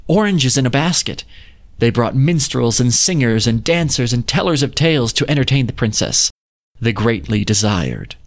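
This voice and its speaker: A man reading an old fairy tale aloud in a measured, lyrical storybook manner. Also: mid-range voice. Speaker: narrator.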